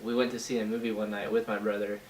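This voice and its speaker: A man's voice: lowish voice, flat delivery, fast. A man in his twenties telling a casual storytime in a laid-back, teasing way, full of fillers like "you know" and "uh". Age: 20s. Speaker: vlogger. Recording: roomy sound, distant mic, faint hiss.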